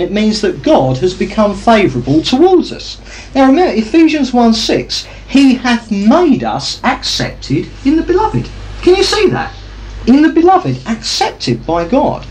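Lively preaching man with a swinging voice. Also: high-pitched, poor audio. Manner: teaching, asks the audience questions. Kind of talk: sermon.

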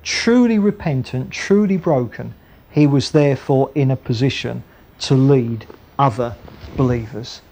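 A man preaching a Bible sermon, acting out the voices of the figures he quotes in a lively way. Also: mid-range voice, measured pace. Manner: animated, acts out the voices of biblical figures.

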